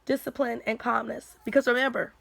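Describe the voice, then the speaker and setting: A woman's voice: on the high side, level tone, a little fast, creaky, a bit bright. A woman giving a casual spoken faith testimony on her livestream, earnest and repeating her points for emphasis.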